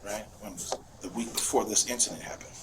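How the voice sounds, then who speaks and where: A man, a father, telling his story in an interview with emotional, animated storytelling. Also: fairly low pitch, fast talker, noisy background. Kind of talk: recorded interview.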